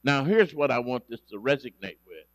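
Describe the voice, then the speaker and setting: A man preaching a sermon, animated and swinging between loud emphasis and quiet asides. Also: medium pitch, brisk, dry recording. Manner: acts out quoted scripture speakers dramatically.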